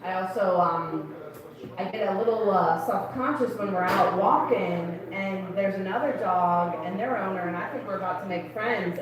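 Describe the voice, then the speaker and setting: A woman's voice: medium pitch, heavy reverb, distant mic, rough recording. A young woman doing chatty, confiding stand-up comedy at an open mic in a club. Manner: chatty, confiding, quick asides.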